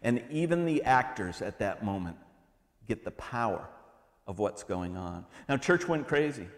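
A man's voice: on the low side, unhurried. Middle aged guy preaching, bouncy up and down delivery, jokey asides, church hall echo. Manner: animated, conversational preaching with asides and humor. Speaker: pastor. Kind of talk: sermon. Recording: long hall reverb.

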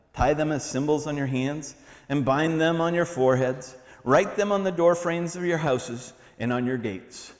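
A middle-aged man preaching a sermon in a church, conversational and animated, with humorous asides. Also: fairly high pitch. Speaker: pastor. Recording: long hall reverb.

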